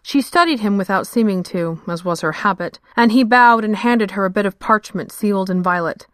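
A woman's voice: medium pitch, brisk, fairly bright tone, no room sound. Dry-voiced woman narrating fiction.

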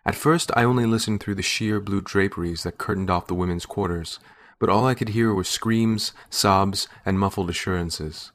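A man reading a first-person short story aloud in a measured storytelling manner. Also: sits low. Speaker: narrator. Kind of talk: scripted narration.

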